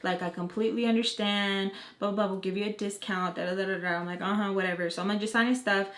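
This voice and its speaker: A woman's voice: mid-range voice, fairly even intonation, quick pace, fairly bright tone. A young woman vlogger telling a heated story in casual chat, acting out quotes and swearing freely. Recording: roomy echo, faint background noise.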